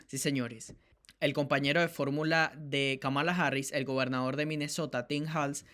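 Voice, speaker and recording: 中くらいの高さの声の男性が、ネットのニュース番組の司会として視聴者に直接語りかける。強調しながら話すニュース解説調。. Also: male voice, medium pitch, a bit bright. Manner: addresses viewers directly, emphatic. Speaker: news channel host. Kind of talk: online news commentary.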